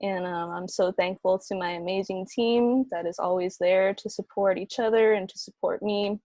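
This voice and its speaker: A woman facilitator on a video call, giving soft closing remarks and leading a breathing exercise, with many fillers. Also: medium pitch, fairly even intonation, normal speed, no room sound. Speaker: program facilitator.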